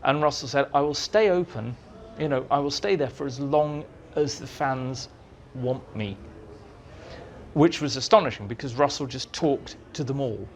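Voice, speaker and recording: A man telling lively anecdotes as an interview guest, acting out the dialogue in his stories, in a meeting room with an audience. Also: mid-range voice, normal speed, slight background noise. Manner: animated storyteller, acts out dialogue. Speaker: interviewee, writer.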